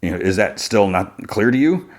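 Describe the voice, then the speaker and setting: A man's voice: on the low side, lively intonation, moderate pace, close to an everyday voice. Man doing a preachy, blame-shifting man. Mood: lecturing. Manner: preachy, lecturing.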